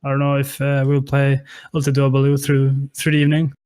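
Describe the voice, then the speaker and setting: A man's voice: medium pitch, completely flat delivery, a little fast, darkish tone, no room sound. A man casting a live online game tournament, hesitant and apologetic, with many fillers and restarts, on a headset mic. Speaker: esports caster. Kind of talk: casual live game commentary.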